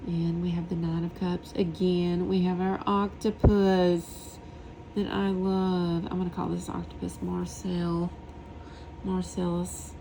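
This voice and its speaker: A woman reviewing a tarot deck in a soft, hushed voice, often slipping into whispers and lingering on words as she gushes over the artwork. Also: fairly low pitch, level tone, slow, vocal fry, slight background noise. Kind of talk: soft-spoken tarot deck flip-through.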